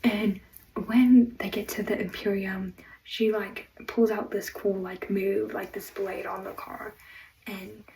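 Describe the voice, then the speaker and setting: A woman delivering an excited, rambling fan rant, full of fillers, on a personal mic. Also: mid-range voice, slow pace, gravelly, far from the mic, poor audio. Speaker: fan vlogger.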